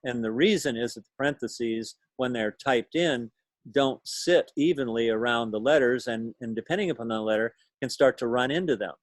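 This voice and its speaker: A man's voice: medium pitch, moderate pace, dry recording. A man teaching a class over a video call, explaining things patiently and thinking aloud as he goes. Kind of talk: lecture to a class.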